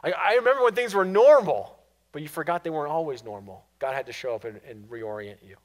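A man preaching a sermon, swinging from loud, pressing questions to hushed, quiet endings. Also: fairly high pitch, lively intonation, fast talker. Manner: dynamic preaching, rising to loud questions and dropping to hushed asides. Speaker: pastor.

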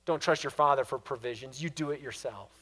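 A man preaching a sermon, swinging from loud, pressing questions to hushed, quiet endings. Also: mid-range voice, brisk. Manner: dynamic preaching, rising to loud questions and dropping to hushed asides. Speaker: pastor.

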